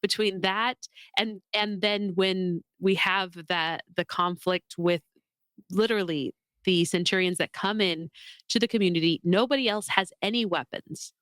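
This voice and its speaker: A woman co-hosting a podcast, talking about a film in an animated, emotional, gushing way. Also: mid-range voice, a little slow, dry recording, clean studio sound. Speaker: podcast co-host. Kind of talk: casual film discussion.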